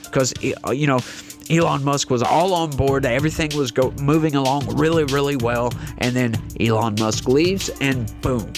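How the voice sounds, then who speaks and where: Exasperated man ranting. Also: mid-range voice. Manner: exasperated, rambling, emphatic. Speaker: political commentary host. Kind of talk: solo political commentary.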